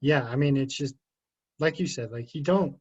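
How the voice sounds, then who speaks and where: A man's voice: medium pitch, normal speed, a little mellow, breathy edge, highs cut off. A man talking casually as a podcast guest, agreeable and loose, peppering his speech with "yeah" and "like".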